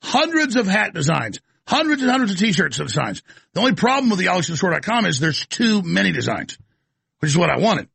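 A man hosting a talk radio show, brash and hammering, repeating phrases for emphasis in a gravelly, raspy voice. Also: high-pitched, very animated, brisk, a bit bright, no echo. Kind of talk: fast call-in radio monologue.

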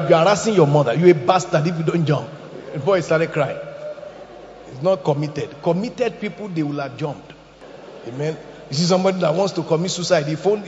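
A man preaching a sermon in an animated way, shouting out quotes and laughing along with the room. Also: sits high, a little hiss or hum. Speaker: pastor. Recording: echoey hall, dull lo-fi sound.

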